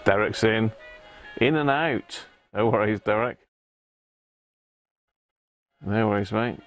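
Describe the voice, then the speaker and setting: A man's voice: lowish voice, slow pace, faint music behind. A man hosting a casual livestream, chatting with viewers and greeting them by name, laughing often. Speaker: livestream host. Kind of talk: casual live chat with viewers.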